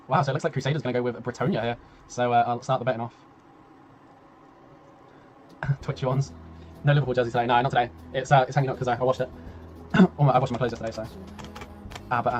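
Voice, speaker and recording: A man casting a strategy game tournament on a live stream, chatty and laughing, with a tiring voice that he keeps clearing. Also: mid-range voice, dull audio, slight background noise. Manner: chatty, laughing, rambling, swears, reads chat aloud. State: voice tiring, clearing throat often. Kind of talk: casual live-stream commentary.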